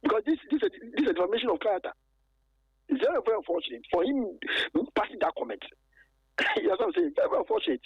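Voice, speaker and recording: A man, a former footballer calling in to an interview, talking in a halting, aggrieved way and stacking repeated words and fillers. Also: very high voice, huge pitch swings, creaky, slightly rough, no room sound, muffled recording. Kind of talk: phone-in interview.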